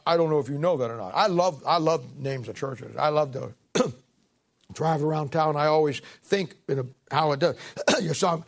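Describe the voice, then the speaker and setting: Man preaching a sermon. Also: fairly high pitch. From Ohio, United States. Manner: preacherly, swells up and slows down to read scripture; conversational asides with chuckles and throat clearing. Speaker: pastor.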